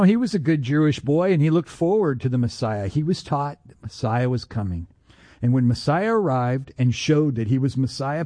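A man preaching a sermon as pastor, animated and acting out the people in his stories. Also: fairly high pitch, no room sound. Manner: animated, acts out quoted dialogue.

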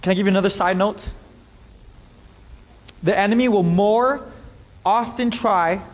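In a church sanctuary with long, large-hall reverb, a man preaches fervently and talks directly to the congregation. His high-pitched voice moves at a measured pace, and the audio sounds dull.

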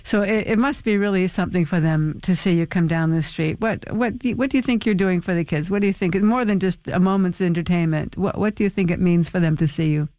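A woman's voice: on the low side, fairly quick, few pauses, a little mellow, no room sound. A woman interviewing a guest on radio in a playful, questioning way.

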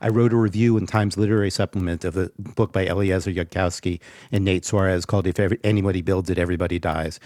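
Low-voiced emphatic man debating. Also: fairly even intonation, quick pace, a little mellow, no echo, studio quality. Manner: emphatic, argumentative, with frequent ums. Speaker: guest expert. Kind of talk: panel discussion.

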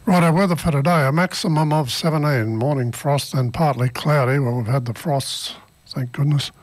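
A man presenting local radio, reading the weather in a relaxed, chatty way and telling a joke. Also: mid-range voice, normal speed, dry recording, soft background music.

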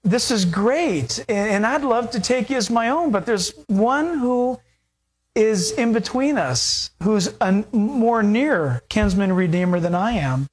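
A preacher voicing Boaz as a kind, steady, easygoing landowner who speaks politely in a casual way. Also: mid-range voice, unhurried, close to an everyday voice. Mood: earnest.

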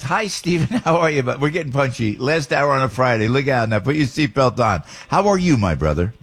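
A man's voice: mid-range voice, a little fast, few pauses, soft background music. A man hosting a radio talk show, reading ads and joking with a guest. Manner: animated, playful, punchy.

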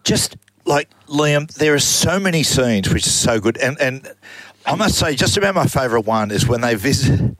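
Animated male radio host. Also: medium pitch, moderate pace, dry recording, low-quality recording. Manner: animated, sings snatches of songs. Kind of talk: casual radio chat.

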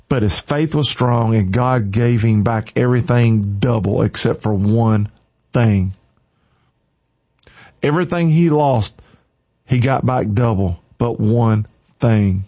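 In a slightly dull lo-fi recording, a man with a dark, mid-range voice preaches an informal sermon. His exhortations are fervent, punchy, and repeated.

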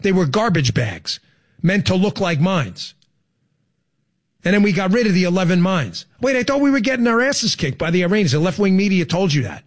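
Fired-up high-voiced male talk host. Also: lively intonation, brisk. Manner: fired-up, emphatic, swings between loud bursts and low asides. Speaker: radio and podcast host. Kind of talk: opinionated political talk show. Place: studio with a co-host.

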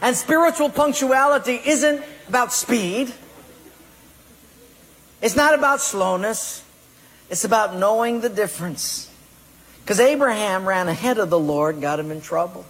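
Husky-voiced male preacher in an echoing hall. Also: high voice, expressive, measured pace, long pauses, a bit bright. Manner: asks the congregation direct questions. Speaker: pastor. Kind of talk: sermon. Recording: long hall reverb.

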